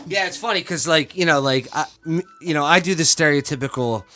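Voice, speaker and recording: Rambling young American host. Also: male voice, on the high side, a little fast, sharp tone, faint music behind. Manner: rambling, lots of fillers and slang. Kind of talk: casual chat.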